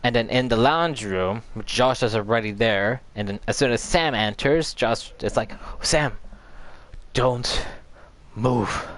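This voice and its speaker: A man's voice: medium pitch, moderate pace, hardly any pauses, fairly bright tone. A man host casually recapping a video game story, rambling and repeating filler words as he recalls events. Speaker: gaming channel host.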